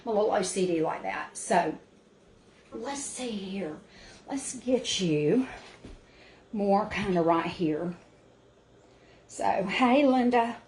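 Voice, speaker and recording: A woman chats her way through a home cooking demo, talking to her viewers in an unhurried, homey drawl. Her voice bounces around a small, echoey cabin kitchen, and plenty of background noise comes through the camera mic. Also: medium pitch, animated, a little mellow. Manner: homey, chatty, talks to viewers as y'all. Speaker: cooking show host. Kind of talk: casual cooking demonstration.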